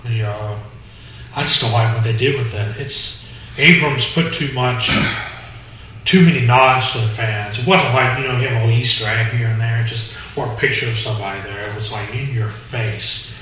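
A man co-hosting a casual podcast chat, talking in halting bursts with many fillers and restarts. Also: mid-range voice, pushed and bright. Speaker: podcast co-host. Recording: echoey room, mic far off.

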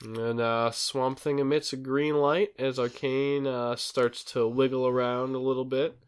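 A man's voice: mid-range voice, flat delivery, measured pace, clear, resonant tone. A man casually recapping a show's plot, acting out lines and using many fillers. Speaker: podcast host recapping a show. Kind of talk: casual chat.

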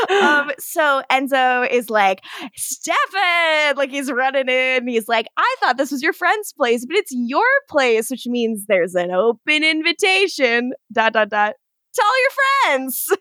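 A woman co-hosting a podcast, recapping an episode in casual chat, animated and profane, acting out the characters' lines. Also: high-pitched, measured pace, dry recording, studio quality. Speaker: podcast co-host.

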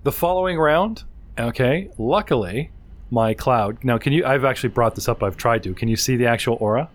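A man's voice: mid-range voice, a little fast. Man, game master, chatty, laughs a lot, mid-range voice, video call mic. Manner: chatty, laughs often, lively narration with sound effects. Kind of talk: running a tabletop game session over video call.

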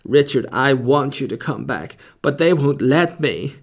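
A man putting on the voice of a lovesick young man, pleading melodramatically in a high, breathy tone. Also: animated, measured pace. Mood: melodramatic pleading.

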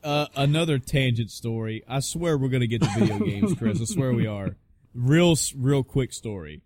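A young man co-hosting a casual podcast, telling swearing, animated stories and mimicking people. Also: normal speed, a little hiss or hum. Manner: profane, animated storyteller, mimics others in high voices. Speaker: podcast co-host.

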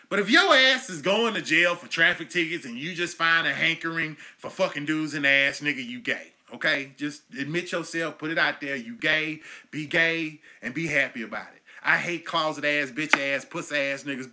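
A man in his thirties hosting his own comedy podcast, ranting profanely and swinging between low mutters and loud yelling. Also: expressive, moderate pace. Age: 30s. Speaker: podcast host.

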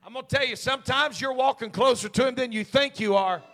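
High, bright-voiced man preaching a sermon. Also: fast talker. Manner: builds from hushed storytelling to shouted call-and-response preaching. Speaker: senior pastor. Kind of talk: Pentecostal sermon. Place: church sanctuary.

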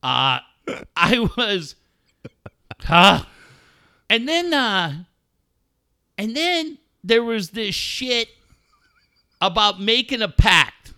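Male radio host, high and lively voice, slow delivery, brash profane storyteller. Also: clear, resonant tone. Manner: loud, mocking, animated storyteller who swears a lot. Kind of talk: casual profane banter.

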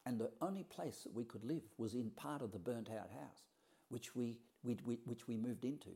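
A man tells a story from his own life in a loose, conversational way. His voice is mellow and relaxed, and he sits at a middle pitch for a man. He is blunt, swears now and then, and acts out the back-and-forth dialogue as he goes. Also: moderate pace, vocal fry. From Australia. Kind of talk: casual personal storytelling.

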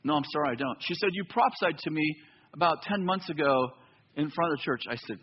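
A man preaching a sermon in a church, telling a story with lively back-and-forth dialogue. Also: a little high, a little fast, slightly rough, highs cut off. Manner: animated storytelling, acts out both sides of dialogue. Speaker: pastor.

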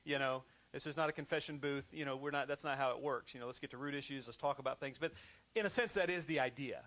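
A man's voice: medium pitch, fast talker. Man preaching a conversational sermon. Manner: conversational preaching with repetitions, swinging from loud to hushed. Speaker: pastor.

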